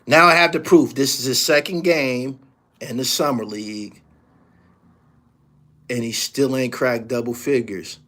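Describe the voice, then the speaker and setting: On his own channel, a host with a medium-pitched, steady, sharp-toned voice delivers profane sports commentary as a heated, rapid-fire rant, repetitive and heavy with slang.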